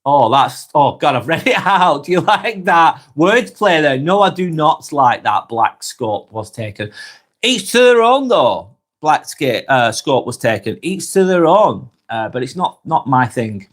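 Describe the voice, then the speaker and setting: A man with a Lancashire accent, hosting a calm live stream, reading viewers' comments aloud and chatting back in an unhurried way with lots of ums and restarts. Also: mid-range voice. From North West England. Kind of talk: casual live-stream chat.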